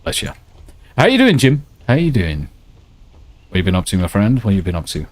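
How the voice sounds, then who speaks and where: A man's voice: sits low, lively intonation, fairly quick, a little mellow. Swearing man streaming a game. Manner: swearing, rambling and chatty, reads out viewer messages. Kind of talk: casual gameplay chat.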